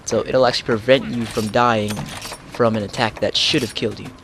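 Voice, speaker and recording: A man's voice: medium pitch, steady tone, brisk. A young man hosting a casual gameplay explainer, rambling with many fillers and jokes, over game music. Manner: rambling, filler-heavy, jokey. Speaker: gaming channel host.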